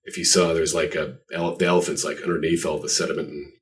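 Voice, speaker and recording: A man with a very low voice tells rambling, self-deprecating stories as a podcast guest. He sounds set back from the microphone. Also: little pitch movement, quick pace. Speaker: guest artist. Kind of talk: casual podcast interview. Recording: voice distant from the mic.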